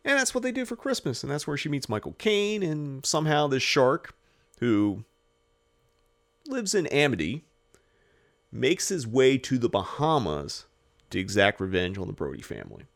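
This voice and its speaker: Male podcast host, mid pitch, very lively swooping delivery, swears a lot, jokey. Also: moderate pace. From Los Angeles area. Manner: animated, profane, jokey, acts out characters. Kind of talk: casual podcast movie chat.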